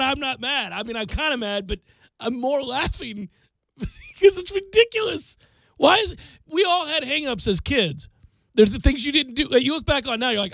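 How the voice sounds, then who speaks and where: Radio host, middle-aged man, high gravelly voice, animated storyteller, dry studio sound. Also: moderate pace, no room sound. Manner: animated storytelling, acts out scolding his kid. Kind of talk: casual radio chat. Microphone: studio microphone, dry.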